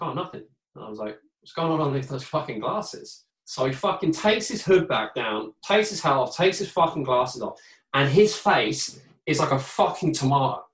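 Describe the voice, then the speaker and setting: A man's voice: lowish voice, roomy sound, rough recording. Profane, easygoing man telling stories. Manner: profane, laid-back anecdotal storytelling. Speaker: former ice hockey player, podcast guest. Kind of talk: casual storytelling chat.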